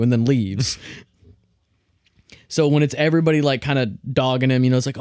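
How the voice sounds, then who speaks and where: A young man co-hosts a film podcast, chatting casually, rambling and restarting his thoughts as he compares films. His mid-range voice is fairly quick, a little mellow and smooth, captured in studio quality with no room sound.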